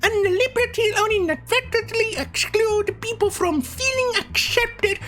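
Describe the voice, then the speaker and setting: A woman putting on a shrill, prissy campus bureaucrat reading a memo, in an exaggerated, sneering mockery with faint music behind. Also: normal speed, a bit bright, poor audio. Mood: mocking prissy.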